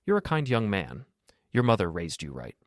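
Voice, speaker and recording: A man voicing a frail, tearful elderly woman in a read-aloud story, with a soft, steady delivery. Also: on the low side, normal speed, dry recording, clean studio sound. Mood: tearful kindness.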